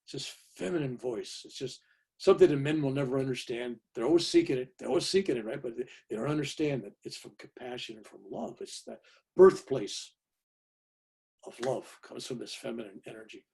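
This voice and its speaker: A man's voice: mid-range voice, a little fast, creaky, slightly rough. A man in his seventies, speaking on a video call from home, tells a personal story with emphatic energy and keeps asking "right?" to check in with his listeners. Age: 70s. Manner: emphatic, lively, tag questions. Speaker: guest speaker.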